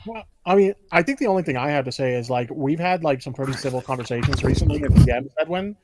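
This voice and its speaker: A man calling in, confronting the host, quiet and full of fillers. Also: mid-range voice, expressive, fast, heavy background noise. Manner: soft-spoken, confronting, lots of "like". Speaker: caller. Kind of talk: casual call-in chat.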